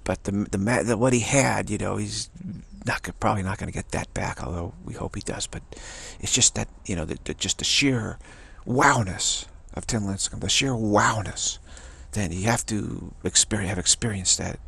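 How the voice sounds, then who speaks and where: A man's voice: lowish voice, moderate pace, gravelly, bright, forceful tone, husky, dry recording. A man giving a casual spiritual talk, rambling, chuckling and repeating phrases. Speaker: spiritual teacher.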